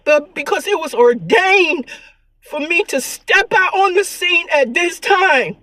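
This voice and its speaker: A woman vlogger with a high voice speaks in an earnest, preachy monologue and repeats her points. She sounds tearful, and the recording is close and dry with no room sound. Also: lively intonation, slow pace, bright, forceful tone, dry recording. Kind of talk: emotional spiritual vlog monologue.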